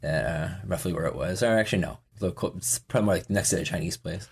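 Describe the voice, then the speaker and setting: A man in his forties talks in a casual interview, his voice sitting very low. He rambles, stops and restarts, filling gaps with "uh" and "you know". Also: vocal fry, husky. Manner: rambling, halting, many fillers and restarts. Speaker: podcast guest.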